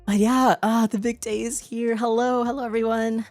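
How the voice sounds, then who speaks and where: A woman streamer chatting casually on a live stream into a desk mic, giggly, excitable and playful. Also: on the high side, normal speed, no echo, faint music behind. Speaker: VTuber streamer.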